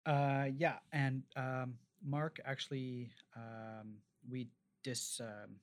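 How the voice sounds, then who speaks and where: A man's voice: medium pitch, flat delivery, takes it slowly. A man in his forties, a restaurateur from Canada, telling long rambling stories in a casual interview, with plenty of fillers and restarts. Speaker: restaurateur guest.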